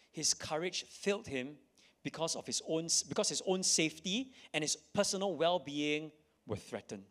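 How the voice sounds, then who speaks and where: A man's voice: fairly high pitch, animated, normal speed, a bit bright. A man preaching a sermon to a live audience, reading scripture dramatically and repeating key lines for emphasis. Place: church in front of an audience.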